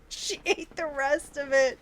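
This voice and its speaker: A woman's voice: high voice, slow, a bit bright. A woman co-hosting a casual live stream, often giggling and chiming in with short replies. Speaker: co-host.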